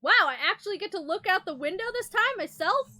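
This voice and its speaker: A bright, sharp-toned woman streams a game, reading its lines aloud and cracking crude jokes in reply. Her voice sits high and leaps up and down. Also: expressive, fast talker. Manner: reads game text aloud, swears and jokes. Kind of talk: let's-play commentary.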